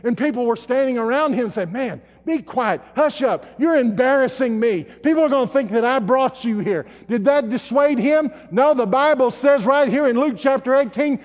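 A high-voiced man delivers a sermon, his words trailing off into a long church reverb. He swings from ringing, shouted emphasis down to hushed, intimate tones. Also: normal speed. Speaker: pastor.

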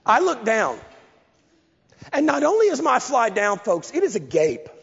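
A man preaching a sermon, telling a story in a lively, self-mocking way. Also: very high voice, a little slow, vocal fry, slight background noise. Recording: lo-fi, echoey hall.

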